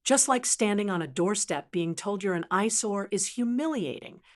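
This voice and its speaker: An older woman narrating her story in first person in a calm, cold, deliberate way. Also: mid-range voice.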